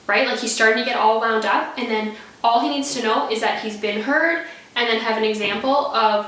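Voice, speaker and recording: A woman in her thirties casually talking about parenting to the camera, chatty and laughing often, getting lively when she quotes her kids. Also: fairly high pitch. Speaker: parenting vlogger. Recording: echoey room, a little far from the mic.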